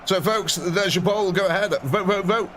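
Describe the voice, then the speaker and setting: During a live gameplay stream with game music playing, the host chats casually, cracks jokes and reads viewer names while commentating. His high, somewhat bright voice keeps fairly even intonation at a moderate pace, with a little hiss or hum present.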